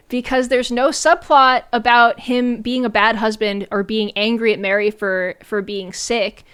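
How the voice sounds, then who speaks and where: A woman's voice: on the high side, fairly even intonation, unhurried, a bit bright, smooth. Chatty sarcastic woman streamer. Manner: chatty and sarcastic, many fillers and "like"s. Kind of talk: casual stream commentary.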